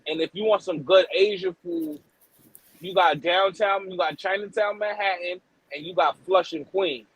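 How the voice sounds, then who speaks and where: A man's voice: high-pitched, expressive, normal speed, vocal fry, breathy edge, lo-fi sound. A man from New York in casual chat, talking emphatically.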